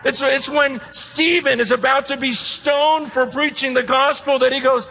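Emphatic preacher man, bright high voice. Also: normal speed, gravelly, hardly any pauses, a little hiss or hum. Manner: emphatic, swings from loud excited storytelling to hushed low intensity. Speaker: pastor. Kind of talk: sermon.

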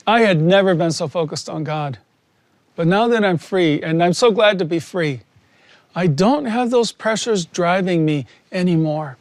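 A man with a high voice preaches a personal testimony in an earnest, emphatic way, pausing often for weight. The sound is close and dry, with no room around it. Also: no echo. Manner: earnest, slow and emphatic with long pauses. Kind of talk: sermon testimony.

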